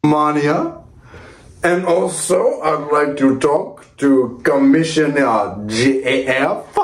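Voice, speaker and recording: A man's voice: on the high side, takes it slowly. A man voicing a masked male wrestler on the run, using a stiff, overblown fake French accent. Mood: boastful. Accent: exaggerated fake French accent. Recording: echoey room.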